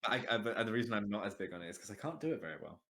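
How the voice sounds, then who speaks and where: A man co-hosting a casual podcast, joking around in halting, rambling bursts full of restarts. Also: lowish voice, expressive, background noise. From Australia. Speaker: podcast co-host.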